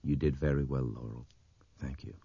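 A clipped, steady man keeps his head in a crisis, as a male narrator puts him on. The voice sits very deep and dark, with a husky grain. It is a storybook reading on a dry, slightly dull recording. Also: normal speed, no echo, heavily acted. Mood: calm.

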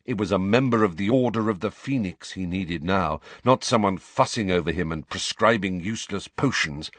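A man reading a novel aloud as an audiobook narrator, with dramatic, expressive storytelling. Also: low voice, moderate pace, no echo. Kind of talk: scripted narration.

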